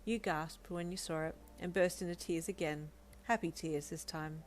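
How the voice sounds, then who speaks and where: A woman reading fan fiction aloud, narrating a second-person story in a soft, calm way. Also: on the low side, moderate pace, faint music behind.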